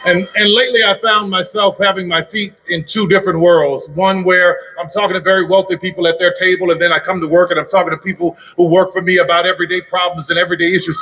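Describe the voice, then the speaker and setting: A man's voice: high voice, sharp tone, low-quality recording. A middle-aged man giving an earnest personal testimony at a political rally, driving his points home with repeated phrases. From lived in Georgia over thirty years. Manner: earnest, repetitive, building emphasis. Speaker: rally speaker.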